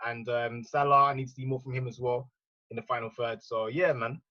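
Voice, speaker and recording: A man chatting about football as a regular panelist on a podcast, relaxed and quick to laugh. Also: mid-range voice, no echo, dull audio. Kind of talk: casual football banter.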